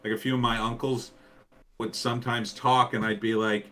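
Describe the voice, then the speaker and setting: A man's voice: mid-range voice, little pitch movement, normal speed, bright, forceful tone. A man from New Jersey talking casually as a guest, rambling and chatty with lots of fillers. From New Jersey, USA. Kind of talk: casual chat.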